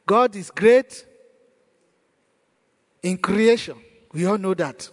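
A man's voice: sits high, slow, pauses often. A male pastor preaching a sermon in a church hall, emphatic and repeating his key phrases. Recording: long church hall reverb.

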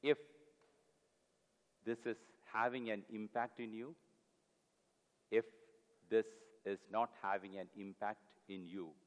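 A man's voice: fairly low pitch, fairly even intonation, takes it slowly, long pauses. A man preaching a sermon, earnest and pleading, repeating his key phrases for emphasis. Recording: long hall reverb.

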